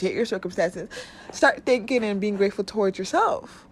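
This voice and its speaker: A woman's voice: mid-range voice, expressive, moderate pace, a little mellow, a little hiss or hum. A woman giving casual spiritual self-help advice, blunt and profane, often laughing and acting out little voices. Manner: acts out quoted voices of body and soul.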